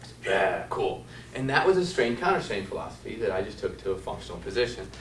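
A man's voice: on the low side, very animated, fast talker, fairly bright tone. A male physical therapist tells meandering stories to a workshop audience and keeps asking them questions. The mic sits well away from him, so his voice carries the echo of the room. A faint hiss runs under it. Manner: rambling storyteller, asks the audience questions. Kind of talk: anecdotal lecture to a live audience. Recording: echoey room from a distant mic.

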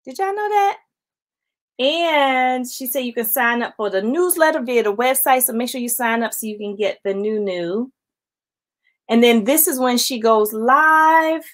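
A woman's voice: a little high, normal speed. A woman chatting casually on a late-night live stream from home, showing off a haul and calling her viewers y'all. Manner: chatty, addresses viewers as y'all, greets chat commenters. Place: at home, indoors.

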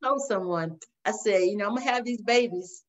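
An older woman minister sharing her testimony in a faith interview, telling it with lively storytelling and acting out the voices. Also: mid-range voice, a little fast. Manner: animated storytelling, acts out voices, addresses listeners as y'all. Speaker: guest minister. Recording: dull lo-fi sound.

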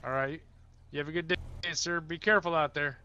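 A man playing a police officer in a game roleplay, talking in a relaxed, colloquial drawl. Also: a little high, a little fast, smooth. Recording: dull lo-fi sound.

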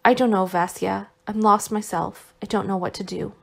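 A woman voicing a gentle, worn-out young man who is still recovering, speaking tenderly with some reproach, in an audiobook reading. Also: medium pitch, steady tone, normal speed, vocal fry. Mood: tender, reproachful.

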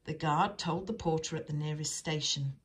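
A woman's voice: low-pitched, steady tone, normal speed, husky. A woman reading a children's storybook aloud, adding chatty asides of her own.

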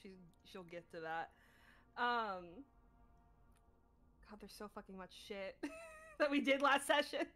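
A woman's voice: mid-range voice, sing-song, takes it slowly, long pauses, bright, forceful tone, heavily acted. A woman playing a scatterbrained, stubborn adventurer, recapping a tabletop game session in character with a rambling, forgetful, blunt manner and casual swearing.

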